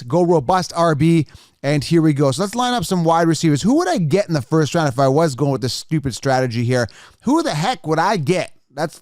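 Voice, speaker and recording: A man hosting a podcast in a casual, energetic way, repeating plugs and talking the listener through each step. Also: on the high side, clear, resonant tone, no echo, studio quality. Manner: energetic, repetitive, salesy. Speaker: podcast host. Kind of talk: casual podcast talk with ad reads. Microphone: studio microphone.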